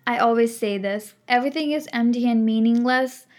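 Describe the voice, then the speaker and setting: A woman's voice: a little high, fairly quick, a little mellow. A woman giving an earnest motivational talk, emphatic and repetitive, full of affirmations and frequent "like" fillers. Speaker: self-help speaker. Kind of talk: motivational monologue.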